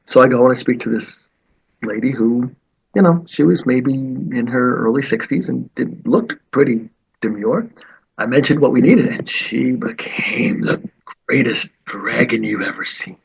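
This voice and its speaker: A martial arts teacher telling stories in conversation, acting out the quoted voices with lively energy. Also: male voice, mid-range voice, normal speed, creaky, slightly rough, rough recording. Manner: animated, acts out quoted voices. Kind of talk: storytelling in conversation.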